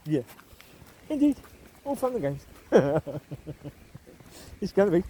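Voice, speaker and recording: A man in a casual walk-and-talk, outdoors at night with faint background noise. His voice sits fairly high and swings widely in pitch as he makes his points. He is opinionated, repeats himself for emphasis and chuckles often. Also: very animated, takes it slowly, dark tone. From United Kingdom. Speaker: vlogger. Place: outdoors at night, walking dogs.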